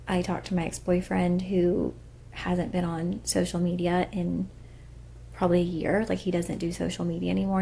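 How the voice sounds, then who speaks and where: A woman's voice: fairly low pitch, gravelly, mellow, a little hiss or hum. A young woman co-hosting a podcast, talking earnestly in a rambling casual chat full of fillers. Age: young adult. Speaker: podcast co-host.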